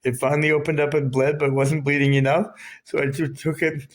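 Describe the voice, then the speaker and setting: A man's voice: a little high, flat delivery, fairly quick. A man with a Canadian accent telling his own story in a raw, emotionally charged, profane way. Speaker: vlogger. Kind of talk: personal storytelling.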